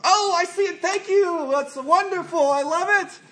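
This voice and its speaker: A man's voice: moderate pace, fairly bright tone. A man acting out a doting father who gushes over his child's drawing. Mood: gushing. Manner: gushing, high and effusive.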